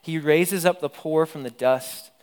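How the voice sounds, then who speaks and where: Man, pastor, thirties, earnest sermon delivery, emphatic repetition, fairly high voice. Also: unhurried, darkish tone. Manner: earnest, emphatic preaching with repeated phrases.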